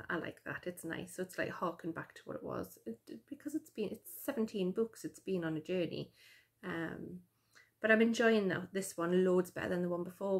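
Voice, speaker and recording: A woman, chatting casually to her camera in a rambling way, full of fillers and restarts. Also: fairly low pitch. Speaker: vlogger. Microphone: camera mic.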